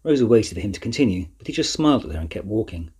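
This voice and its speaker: A man narrating a children's novel in an even, measured storytelling voice. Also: on the low side, slightly rough. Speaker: audiobook narrator. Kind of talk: scripted narration.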